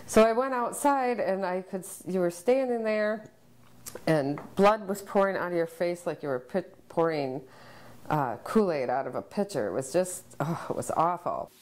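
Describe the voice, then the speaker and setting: Low-voiced woman recalling a family scare. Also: expressive, darkish tone. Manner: emotional, halting with pauses and ums. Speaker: interviewee, subject's mother. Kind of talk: recounting a family memory.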